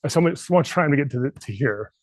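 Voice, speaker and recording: A man's voice: on the high side, lively intonation, fast talker, no room sound. A middle-aged man leading a leadership workshop, speaking earnestly and candidly, fighting back tears. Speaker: leadership trainer. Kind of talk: emotional workshop talk. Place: training room.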